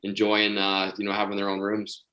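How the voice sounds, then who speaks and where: A man's voice: fairly low pitch, completely flat delivery, moderate pace, sharp tone, highs cut off. A young man, a podcast guest, chatting in an easygoing way with frequent restarts. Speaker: guest, pro hockey player. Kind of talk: casual chat.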